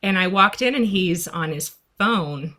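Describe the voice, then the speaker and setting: A woman's voice: lowish voice, expressive, measured pace, bright, forceful tone. A woman on a parenting discussion panel, chatting and telling a personal story with lots of "like"s. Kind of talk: casual discussion.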